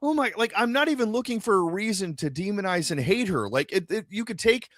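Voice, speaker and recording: A man's voice: sits high, expressive, brisk, a bit bright, dry recording. A man hosting a casual podcast chat, ranting in a profane, exasperated way. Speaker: podcast host.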